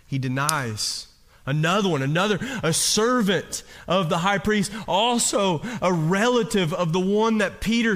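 Pastor guy preaching, kinda high voice, big echoey hall, goes soft then loud. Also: a little slow. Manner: dramatic storytelling, swinging between hushed and loud. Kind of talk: sermon. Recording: long hall reverb.

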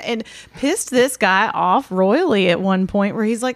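A woman co-hosting a podcast, chatty and quick to react and laugh as she tells stories. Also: mid-range voice, no room sound. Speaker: podcast co-host. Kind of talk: casual chat.

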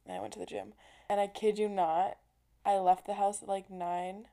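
A young woman hosts her solo podcast in a loose, rambling chat, full of "like" and casual swearing. Her voice has a soft, warm, mellow tone at an ordinary middle pitch. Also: level tone, moderate pace, creaky. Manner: chatty and rambling, heavy use of "like", casual swearing. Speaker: podcast host.

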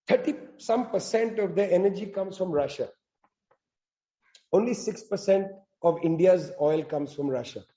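Man, impassioned political talk, emphatic and sarcastic, high voice, muffled audio. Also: warm tone. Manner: fiery, emphatic, sarcastic asides. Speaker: speaker at a public talk. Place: in South Africa.

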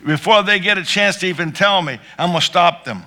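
A man's voice: sits high, brisk, pushed and bright. A man preaching a sermon with rising fervor, calling out to his congregation and breaking into prayer. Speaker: pastor.

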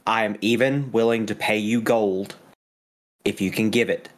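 A man playing a calm, courteous sage. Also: on the low side, natural voice. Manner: measured and polite.

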